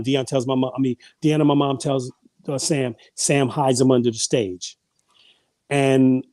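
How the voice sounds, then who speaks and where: A man with a medium-pitched, dark voice tells family stories as a guest on a podcast, with no room sound. His storytelling is loose and rambling, full of restarts and repeated words.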